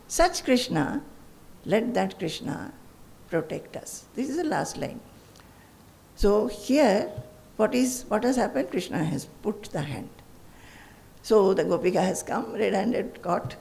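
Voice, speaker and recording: A woman, a spiritual teacher telling a story in an animated way, acting out the voices and chanting Sanskrit verses. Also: medium pitch, creaky.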